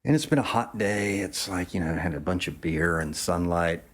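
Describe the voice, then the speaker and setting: A man's voice: low voice, moderate pace. A man, a photographer being interviewed, telling a loose, rambling anecdote with casual profanity. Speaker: photographer guest.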